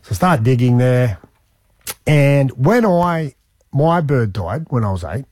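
A man in his forties, a radio host telling a story in a lively, slangy way and acting out what people said. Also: medium pitch, a little slow, no echo. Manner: animated, slangy, acts out quotes.

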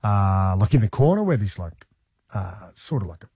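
A man, telling a long personal story on a radio show in an animated, conversational way. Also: lowish voice, normal speed, slightly rough, dry recording, studio quality. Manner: animated, conversational, says "man" and "mate" often. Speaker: radio host.

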